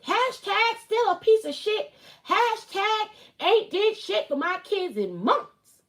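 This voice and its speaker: A woman putting on an exaggerated accent and voice for an angry, fed-up woman, reading slowly with heavy emphasis. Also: expressive, fairly bright tone, full character voice. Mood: indignant. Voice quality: high, drawn-out and exaggerated. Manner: slow, emphatic reading of a post in a put-on accent. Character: angry fed-up woman airing grievances, mock-dramatic.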